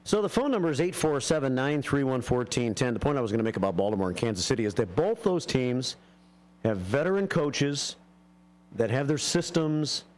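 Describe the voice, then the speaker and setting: Middle-aged man, radio host, easygoing, halting delivery, mid pitch. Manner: relaxed, halting with fillers. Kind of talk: casual morning radio chat.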